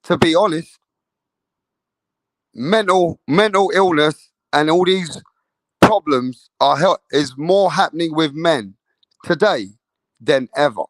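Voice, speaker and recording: A man hosting a boxing livestream, reading out chat comments and giving loose, profane shout-outs. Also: a little high, takes it slowly, pauses often, dry recording.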